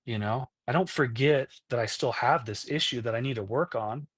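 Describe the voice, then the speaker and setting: An earnest man in his thirties tells his own story with open, unpolished honesty. His voice sits at an ordinary middle pitch. It is captured dry and close, with little room sound around it. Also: normal speed, fairly bright tone, slightly rough, dry recording. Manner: earnest, keeps checking in with "right?" and "you know?"; acts out past conversations in quoted voices. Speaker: podcast guest. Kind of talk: candid personal storytelling.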